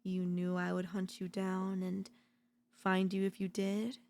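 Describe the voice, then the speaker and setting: Woman voicing a soft possessive yandere girlfriend, whispered role-play. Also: medium pitch, monotone, gravelly. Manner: soft, possessive, doting, slow and lingering. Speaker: voice actor.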